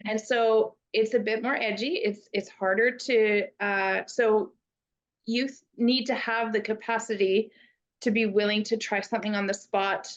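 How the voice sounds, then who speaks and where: A woman's voice: mid-range voice, steady tone, measured pace, dull audio. A woman youth educator talking casually and thoughtfully, acting out example phrases with frequent restarts. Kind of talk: casual conversational talk.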